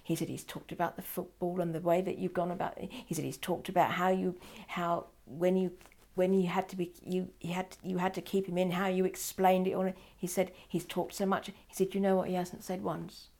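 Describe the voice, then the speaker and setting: An older woman recalls her past in an interview. Her voice sits low with a gravelly edge, and she acts out the dialogue of the people she remembers. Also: brisk, hardly any pauses. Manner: animated, acts out quoted dialogue. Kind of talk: personal storytelling.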